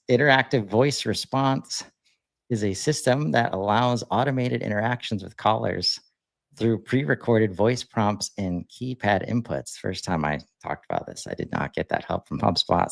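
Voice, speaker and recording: This podcast co-host has a lowish voice with some vocal fry and no room sound around it. He keeps the conversation casual and relaxed, wandering a bit and leaning on fillers and restarts.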